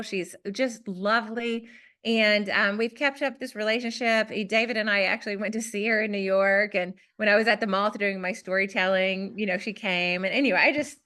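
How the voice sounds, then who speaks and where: Bright-voiced Southern woman telling a story. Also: medium pitch, moderate pace. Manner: animated, self-deprecating storytelling with quoted voices. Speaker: guest author. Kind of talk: storytelling in a podcast interview.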